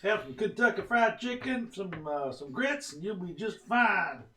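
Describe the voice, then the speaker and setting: A folksy southern man talks up home cooking in a drawling, homespun way, as a man puts him on. The voice sits well above his usual pitch. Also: animated, moderate pace, sharp tone, echoey room.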